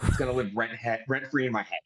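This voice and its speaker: A man co-hosting a podcast, telling a story in casual chat with animated, profane delivery. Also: medium pitch, quick pace, low-quality recording. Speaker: podcast co-host.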